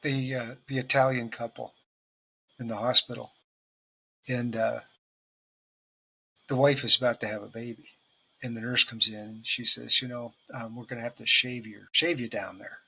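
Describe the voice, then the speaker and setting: A man's voice: mid-range voice, little pitch movement, normal speed, vocal fry, pauses often, pushed and bright, slightly rough. A man co-hosting a casual talk show, telling rambling, jokey stories with casual swearing. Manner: rambling storyteller, swears casually, laughs often. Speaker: podcast co-host. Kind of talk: casual chat.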